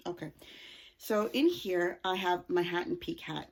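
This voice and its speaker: A woman's voice: on the low side, measured pace, gravelly, breathy edge. A woman hosting a knitting podcast, chatting cheerfully and correcting herself as she shows her projects to the camera. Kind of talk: casual chat showing knitting projects.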